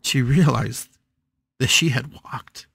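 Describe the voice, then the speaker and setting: A man's voice: medium pitch, slow, gravelly, fairly bright tone, breathy edge, dry recording, clean studio sound. A man hosting a spiritual podcast, telling a story with emphatic, dramatic repetition. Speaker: podcast host.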